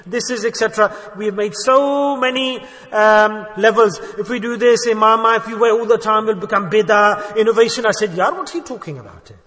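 A man's voice: high voice, steady tone, fairly quick, few pauses, a bit bright. A man preaching a sermon in an earnest way, often putting rhetorical questions to his listeners. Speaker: Islamic preacher. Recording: long hall reverb.

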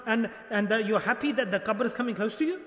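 A man with a very high, bright voice delivers a sermon in a large hall that rings with long echoes. He presses his point with insistent repetition. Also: fast talker. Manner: emphatic, urging, repeats phrases. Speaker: preacher.

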